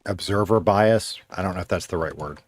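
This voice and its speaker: Speaking briskly in a low voice, a man streams a game and keeps up loose, rambling chatter with his viewers. He thinks aloud as he plays, using a streaming mic fitted with a noise gate.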